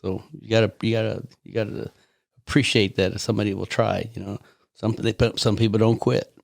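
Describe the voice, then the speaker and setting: An older man from the United States, a podcast guest telling anecdotes in a lively way, repeating words and laughing often. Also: lowish voice, a little fast, creaky, no room sound, clean studio sound. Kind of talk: casual storytelling chat.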